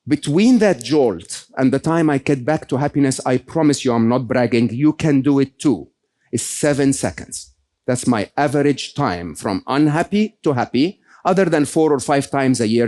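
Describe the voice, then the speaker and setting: Mellow-voiced man giving a motivational talk. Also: mid-range voice. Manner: animated, peppers with "okay?" and "right?". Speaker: guest speaker. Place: stage before a live audience.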